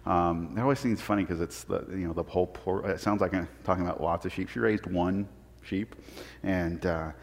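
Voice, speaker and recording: A man from Portland preaching a sermon, telling a humorous personal story with animated, self-deprecating delivery. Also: sits low, a little fast, vocal fry, big-room sound. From Portland, Oregon. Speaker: pastor. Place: church sanctuary.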